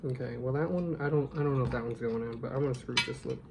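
A man's voice: mid-range voice, fast, vocal fry. A man vlogging casually at home while assembling a stand, talking to himself and getting frustrated. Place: room at home. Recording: noisy room sound.

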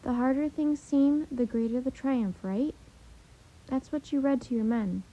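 A woman's voice: high-pitched, a little slow, mellow. A woman reading the pleading, earnest lines of a young boy in a storybook. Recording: dull lo-fi audio.

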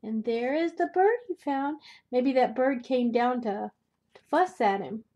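An older grandmother reads a picture book aloud to children. Her voice sits a little high, and she takes her time. She stops often to chat and to ask the little listeners questions. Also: a little slow. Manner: gentle, chatty, asks the young listeners questions. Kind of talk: storybook read-aloud for children.

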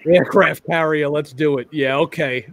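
A man's voice: fairly high pitch, a little slow. Rambling casual male toy stream host. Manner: rambling, stumbling restarts, swears casually. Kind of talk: casual live chat about toys.

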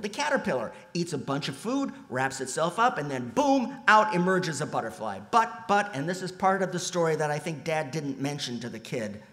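A man delivering a sermon in a church, alternating between loud, emphatic lines and soft, almost whispered ones. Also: mid-range voice. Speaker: lay preacher. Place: church sanctuary. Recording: long hall reverb.

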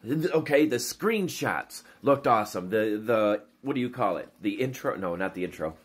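A man ranting casually to camera about games, animated and exasperated, often restarting his sentences. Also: lowish voice, normal speed, husky. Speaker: gaming YouTuber.

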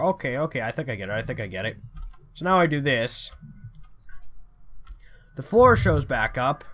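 A man giving let's play commentary, excitable, swearing a lot and thinking aloud as he plays. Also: a little high. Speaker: gamer.

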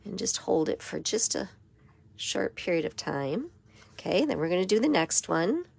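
A hoarse woman with a raspy voice giving a step-by-step papercraft tutorial in her craft studio. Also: on the low side, sing-song, normal speed, darkish tone, no echo. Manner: step-by-step instruction with frequent okays. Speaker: papercraft demonstrator.

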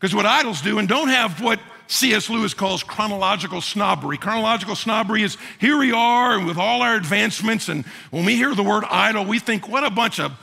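A man preaching a sermon as pastor, animated, with joking asides and mock voices for the figures he quotes. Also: high-pitched, fairly quick, gravelly, few pauses. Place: church sanctuary. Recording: reverberant church sanctuary.

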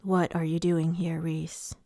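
A woman reading the lines of a guarded male High Lord, speaking low, cold and clipped. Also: moderate pace, vocal fry, mellow, no room sound, studio quality.

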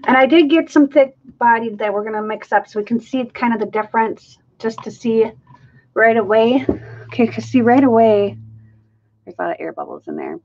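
A woman with a slightly high, darkish voice speaks at normal speed while hosting a live acrylic pouring stream. She chats casually and thinks aloud as she mixes and counts, and the audio sounds dull.

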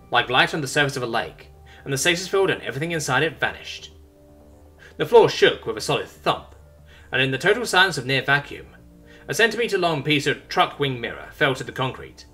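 Male sci-fi audiobook narrator, bright, wryly expressive. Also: medium pitch. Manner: expressive, wry storytelling.

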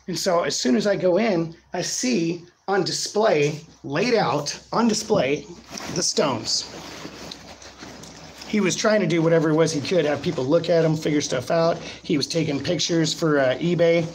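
A man's voice: on the high side, moderate pace, slight background noise, rough recording. A man vlogging, telling a story in a casual, slangy, laid-back way and saying "dude" a lot. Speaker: vlogger treasure hunter.

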